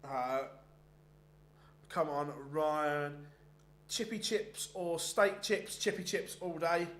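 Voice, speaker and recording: A man's voice: on the high side, slow pace, fairly bright tone. A man hosting a darts stream, chatting casually and rambling with frequent restarts between bits of live commentary. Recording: roomy echoey sound.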